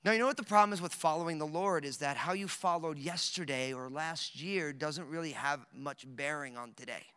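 A man in his thirties preaching a sermon as a pastor, telling jokey stories in an animated way with lots of fillers. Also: fairly high pitch, fairly quick, few pauses, clean tone. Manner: animated, joking storytelling with many fillers. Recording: echoey hall recording.

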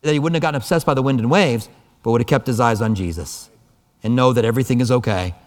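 A man preaching a sermon as pastor, telling the story in an animated way and moving between soft, slow passages and emphatic ones. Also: medium pitch. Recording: long hall reverb.

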